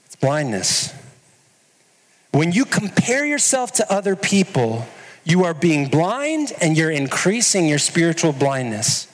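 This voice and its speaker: Male pastor, sermon, earnest, unhurried delivery, long echo of a big hall. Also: a little high, big pitch swings. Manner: earnest, questioning the listeners directly.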